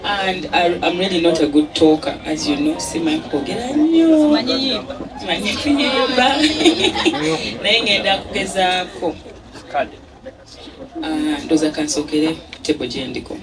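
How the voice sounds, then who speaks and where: A woman's voice: on the low side, unhurried. A woman with a Ugandan accent giving an emotional thank-you speech at an event. She laughs often and mixes English with Luganda. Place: event venue. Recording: distant mic with a crowd behind.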